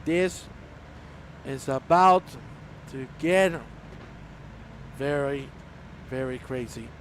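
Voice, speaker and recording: A man's voice: fairly high pitch, a little slow, a little hiss or hum. A man commentating a sim race in a playful, joking way, with a non-native English accent. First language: not English. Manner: playful, jokey, hypes the start.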